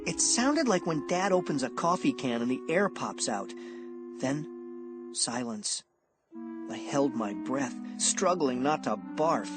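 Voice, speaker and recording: Male audiobook reader, slow and lively in pitch, suspense narration over a music bed. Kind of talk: scripted first-person audiobook narration.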